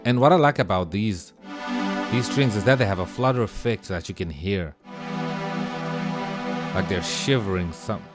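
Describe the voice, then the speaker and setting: Male tutor, deep voice, easygoing slang-heavy delivery, music playing behind. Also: moderate pace, long pauses. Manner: relaxed, easygoing slang-filled talk. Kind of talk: casual screen-share tutorial.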